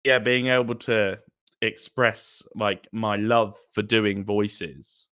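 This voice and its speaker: A young man chatting as a podcast guest, animated and casual, and swearing freely. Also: fairly low pitch, takes it slowly, clean tone. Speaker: guest, D&D player.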